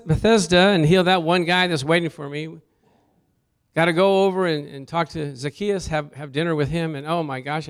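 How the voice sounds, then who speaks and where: A man voicing a harried adult man who frets and complains about a packed schedule, in a rushed way. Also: a little high, a bit bright, smooth, close to an everyday voice.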